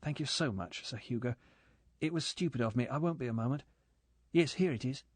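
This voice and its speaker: A man's voice: medium pitch, a little fast, no room sound, lightly acted. A man voicing a nervous young woman who stammers out strangled, apologetic requests.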